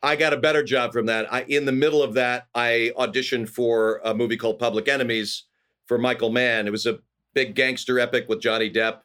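A middle-aged man from California, a guest actor telling animated stories in casual conversation, often acting out quoted voices. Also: mid-range voice, brisk, clean tone. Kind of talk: casual storytelling.

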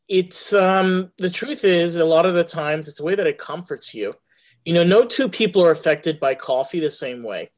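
Animated New York guy hosting a podcast. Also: a little high, moderate pace. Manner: blunt, animated, swears freely. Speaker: podcast host. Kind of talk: casual podcast chat.

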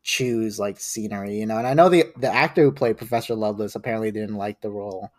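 A man's voice: on the low side, fast, no room sound. Rambling young man, dry close mic. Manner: rambling, animated, lots of restarts and fillers. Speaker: podcast guest. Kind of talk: casual podcast chat.

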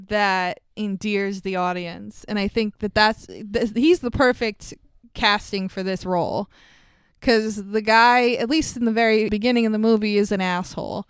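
A woman's voice: medium pitch, clean tone, dry recording. A young woman co-hosting a podcast, recapping a movie in casual chat, laughing often and swearing freely. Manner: laughs often, animated and profane. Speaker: podcast co-host.

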